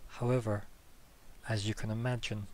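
A man's voice: on the low side, little pitch movement, a little mellow, slight background noise, natural voice. A man voicing a stern woman city leader. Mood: stern, weary. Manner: measured, formal, cornered but firm.

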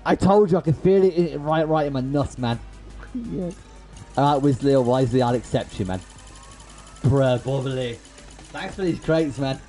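A young man giving excitable commentary while opening game crates, shouting, laughing and swearing freely. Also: on the high side, normal speed, soft background music, poor audio. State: out of breath from laughing. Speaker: gaming streamer.

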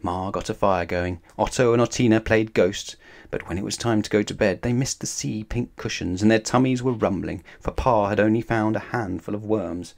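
A man reading a children's bedtime story aloud in a calm, measured way. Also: fairly low pitch, gravelly.

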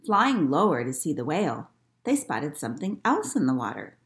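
A woman librarian reading a picture book aloud to children in an expressive storytelling manner. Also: low voice, moderate pace.

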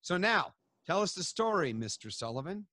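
A man hosts a relaxed conversation with a guest, joking and laughing along. His voice sits a little high and sounds dry and close, with no room behind it. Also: moderate pace, no room sound. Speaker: host. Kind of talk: casual interview chat.

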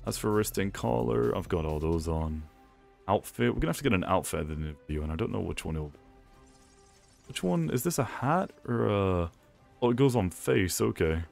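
A young man giving excitable gameplay commentary, talking to himself and laughing often. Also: low-pitched, fairly quick, creaky, soft background music. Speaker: gaming YouTuber.

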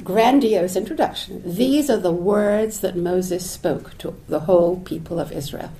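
Thoughtful woman giving a warm lecture. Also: on the low side, a little slow. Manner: thoughtful, searching, with restarts and asides; quoting Hebrew phrases. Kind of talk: reflective public lecture. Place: lecture hall.

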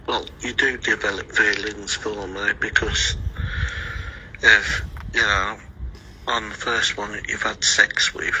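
A man talks slowly and hesitantly in a flat, low voice. His tone is bright, with a faint hiss behind him. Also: poor audio. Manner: hesitant, mumbling.

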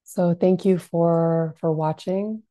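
A woman practitioner leading a gentle guided self-soothing lesson, speaking softly and calmly with frequent fillers. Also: lowish voice, dry recording. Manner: soft, unhurried, calming delivery with frequent fillers. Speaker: compassionate inquiry practitioner.

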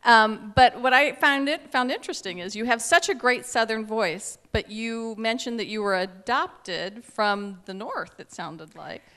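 A woman's voice: fairly high pitch, unhurried, few pauses, pushed and bright. A woman in the audience asking a question in a polite, slightly hesitant way.

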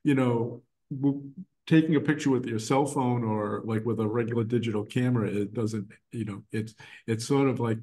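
A middle-aged man talks casually as an interview guest, his voice sitting at an ordinary medium pitch. He rambles, circling back with fillers and restarts as he thinks aloud. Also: steady tone, moderate pace, dark tone. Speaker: guest, designer and art professor. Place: his art gallery.

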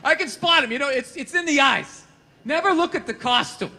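A man performing stand-up comedy in a high, piercing voice that cuts straight through. He tells stories loud and animated, swearing freely and jumping into other characters' voices as he goes. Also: brisk. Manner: loud, animated storytelling, profane, acts out characters.

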